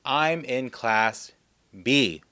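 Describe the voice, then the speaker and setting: A man's voice: medium pitch, very slow, very noisy. A young man telling a casual storytime vlog, rambling and self-mocking, full of filler words. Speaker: vlogger.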